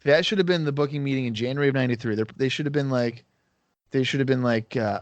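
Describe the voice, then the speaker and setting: A man's voice: medium pitch, fast, dry recording, highs cut off. A man co-hosting a podcast, recapping a show in casual, sarcastic chat. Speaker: podcast co-host.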